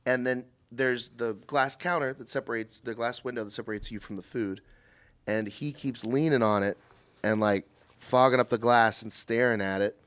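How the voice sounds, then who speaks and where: A man on a casual podcast, telling a story in a lively way and putting on high, mocking voices to quote people. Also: moderate pace, clean tone. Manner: animated, acts out quotes in high voices, laughs often. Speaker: podcast host.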